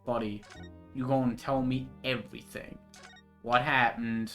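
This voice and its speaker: A man's voice: mid-range voice, little pitch movement, a little slow, a bit bright, soft background music. Crude joking male streamer. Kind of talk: casual gaming commentary.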